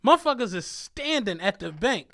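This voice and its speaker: A man from Philadelphia who drives a bus, telling animated, laughing stories on a casual podcast. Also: high voice, moderate pace. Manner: animated, laughing anecdotes with voiced asides. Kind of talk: casual storytelling chat.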